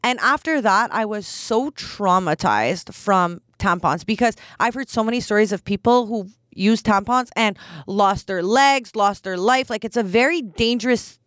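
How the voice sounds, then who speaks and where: A woman's voice: on the high side, fairly bright tone, no room sound, studio quality. A young adult woman hosting a podcast, telling a personal story in a candid, chatty way full of fillers. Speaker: podcast host. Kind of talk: casual storytelling chat.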